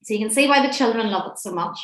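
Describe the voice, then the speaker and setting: A woman leading a laughter and breathing class, gentle, playful and encouraging, speaking from a room on a video call. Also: fairly high pitch, fast talker. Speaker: laughter and relaxation session leader. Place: indoor room at home, seated near a screen. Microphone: webcam or laptop mic on a video call. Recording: roomy echoey room sound.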